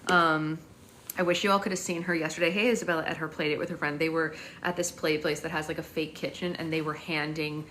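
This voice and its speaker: A woman's voice: low-pitched, steady tone, fast, a bit bright, slight background noise. A young woman hosting a casual live stream at home, rambling to her viewers and slipping into sing-song baby talk with her daughter. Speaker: live-stream host and mother.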